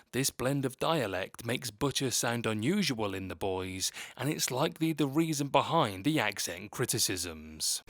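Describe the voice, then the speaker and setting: A man narrating a scripted video essay in a steady, measured read. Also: mid-range voice, dry recording, studio quality.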